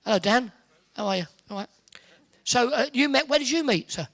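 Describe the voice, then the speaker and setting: A man from Hertfordshire, England, with a very high, fairly bright voice and lively intonation, hosts a live event in an indoor hall. He trades cheeky banter with the audience, joking, teasing and quick with his quips.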